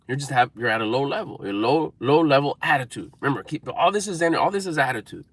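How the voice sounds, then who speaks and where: A man's voice: mid-range voice, lively intonation, fast, a little hiss or hum. A man giving an emphatic, repetitive motivational talk to camera, coaching viewers. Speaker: motivational speaker.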